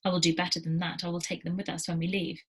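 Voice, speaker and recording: A woman's voice: on the low side, level tone, fast talker, fairly bright tone, breathy edge. A woman voicing a cold, commanding leader of a banished people in a storybook read-aloud. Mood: scornful.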